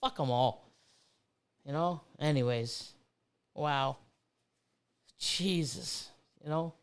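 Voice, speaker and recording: A man's voice: fairly high pitch, slow, clear, resonant tone. Profane, heated man ranting on a stream. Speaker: livestream host and reptile breeder. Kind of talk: casual livestream rant.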